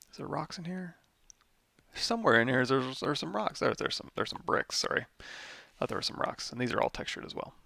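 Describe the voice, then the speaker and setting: A tired man with a lot of vocal fry, teaching a live software tutorial and thinking aloud as he works through menus. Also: medium pitch, no echo. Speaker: 3D modeling instructor.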